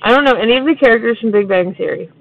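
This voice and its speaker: A woman's voice: a little high, lively intonation, rapid-fire, phone-quality sound. A woman co-hosting a podcast from a car, teasing and playful in casual banter. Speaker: podcast co-host. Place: car in a school pickup line.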